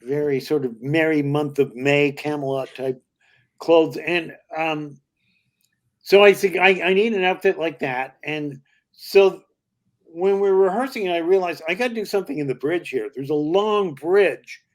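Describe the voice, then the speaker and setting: A man's voice: on the high side, a little slow. Older male comedian telling stories. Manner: lively raconteur who slips into character voices. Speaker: guest comedian. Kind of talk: anecdotal storytelling.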